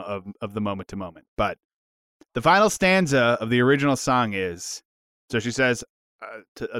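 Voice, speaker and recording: Man, podcast co-host, casual chat, musing, restarts, smooth voice, dry sound. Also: fairly low pitch, a bit bright, no room sound. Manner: musing, thinks aloud with many restarts.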